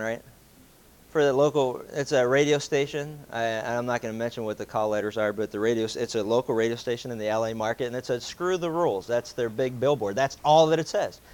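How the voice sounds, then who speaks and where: A man telling a casual, anecdotal story to a group, acting out quoted voices and chuckling as he goes. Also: medium pitch. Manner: animated, acts out quoted voices, chuckles between lines.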